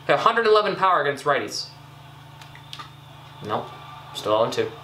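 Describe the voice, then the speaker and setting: A young man casually commenting on his own gameplay, chatty and excitable, scolding himself with frequent ums and uhs. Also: fairly high pitch, moderate pace, roomy sound, slight background noise. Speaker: gaming YouTuber.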